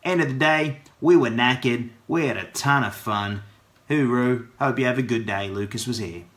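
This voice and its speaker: A man's voice: mid-range voice, normal speed, fairly bright tone. A man with an Australian accent, hosting his vlog from his studio and spinning a chatty story full of slang. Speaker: vlogger. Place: home studio.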